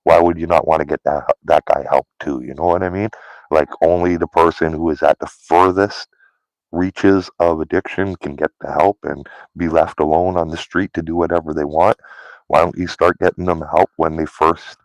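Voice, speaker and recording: A man's voice: rumbling low, fairly even intonation, moderate pace, dry recording, low-quality recording. A man chatting loosely on a live stream, full of "like" and "um", rambling from one thought to the next. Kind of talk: casual live-stream chat.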